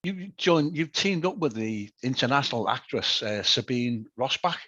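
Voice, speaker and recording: A male interviewer with a husky voice, talking casually and halting to repeat his words. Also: medium pitch, animated, pushed and bright, no echo. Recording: muffled lo-fi audio.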